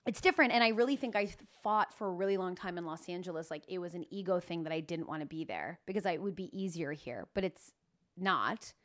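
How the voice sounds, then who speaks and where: A woman in casual interview chat, telling animated stories and acting out the people she quotes. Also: lowish voice, quick pace. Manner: animated storyteller, acts out quotes.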